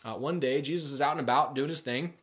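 A young adult man preaching a casual sermon, telling a story in a conversational way and acting out the people in it with lively everyday speech. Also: medium pitch, quick pace. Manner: conversational, animated, acts out quoted voices with filler words. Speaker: pastor.

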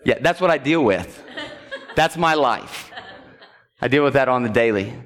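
A man's voice: mid-range voice, expressive, moderate pace, fairly bright tone. A man preaching a sermon in a church, telling a personal story in a loose, conversational way, often checking in with the congregation and chuckling as he goes. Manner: chuckles while telling stories. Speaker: pastor. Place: church sanctuary.

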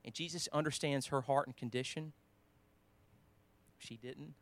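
A man gives a sermon in a conversational manner, with a steady, mid-range voice and a slightly slow delivery. He restarts phrases, quotes scripture and swings between forceful lines and soft asides.

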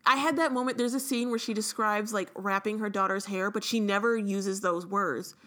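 Frank, animated woman, podcast co-host, casual book talk. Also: medium pitch, moderate pace. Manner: animated, frank, quotes passages aloud. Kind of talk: casual chat.

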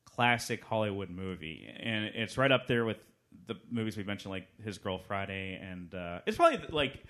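A man with a low, bright, forceful voice talks through old movies on a podcast. He sounds eager and casual, letting his thoughts run on in long, loose stretches. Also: sing-song, moderate pace. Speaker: podcast co-host. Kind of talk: casual film discussion.

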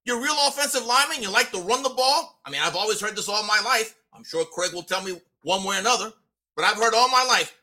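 A man with an extremely high, bright, pushed voice and lively intonation talks fairly quickly as co-host of a casual sports podcast. He delivers his fired-up, blunt weekly rant, leaning heavily on "you know."

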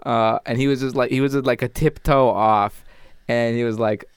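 A man's voice: medium pitch, fairly even intonation, normal speed, clean tone, no echo, clean studio sound. A young man telling rambling, crude jokes in a casual podcast chat. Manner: rambling, crude joking storyteller.

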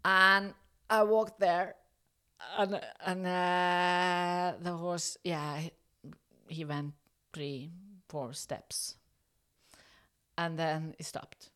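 Extremely slow and fairly low-pitched, the voice is clear with a resonant tone. A middle-aged Norwegian woman is telling a story in English as an interview guest, hesitant and full of fillers and restarts, though lively when acting out dialogue.

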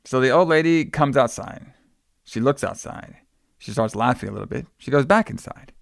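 A man in casual conversation, recapping a film in a rambling way, peppered with "like" and swearing. His voice sits at an ordinary pitch, and the sound is dry, close and free of room echo. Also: animated, moderate pace, creaky. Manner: rambling, profane, many "like" fillers, acts out quotes. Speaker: podcast co-host recapping a movie. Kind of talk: casual chat.

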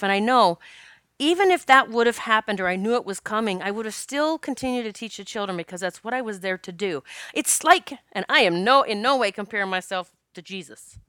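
A woman's voice: mid-range voice, fairly bright tone, clean tone, no echo, clean studio sound. A woman telling a personal story in a candid, casual way, laughing often and swearing freely.

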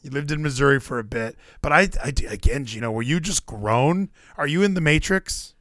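A man's voice: medium pitch, fairly quick, a bit bright, dry recording, clean studio sound. A man hosting a casual chat, teasing a friend and switching into mock-inspirational speeches. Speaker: streamer host.

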